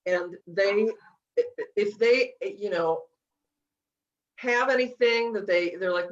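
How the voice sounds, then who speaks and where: A woman's voice: medium pitch, measured pace. A woman author being interviewed, talking casually and emotionally, laughing often and restarting her sentences. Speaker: author guest. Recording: slightly dull lo-fi audio.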